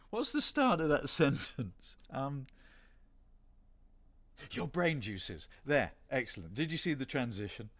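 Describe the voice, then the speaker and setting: A man's voice: medium pitch, very animated, slow pace, a bit bright. A middle-aged man from Britain chatting casually on a livestream signing session, rambling and self-deprecating with playful asides. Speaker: voice actor hosting a signing stream.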